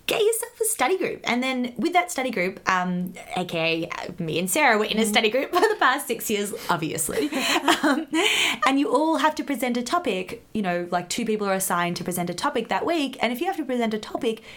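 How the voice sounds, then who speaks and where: Enthusiastic young woman doctor on a podcast, bouncy lively voice. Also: a little high, brisk, hardly any pauses. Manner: enthusiastic, upbeat, expressive. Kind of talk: casual chat.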